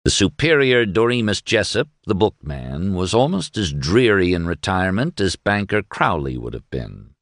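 Male audiobook narrator, low voice, lively intonation, dry close sound. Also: dry recording. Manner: measured, literary storytelling. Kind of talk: scripted narration.

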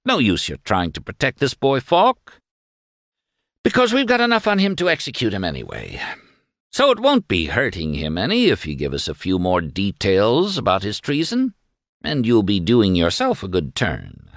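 A man voicing a bullying male guard officer of about thirty who jeers and shouts. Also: on the low side, huge pitch swings, normal speed, no room sound, clean studio sound. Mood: menacing.

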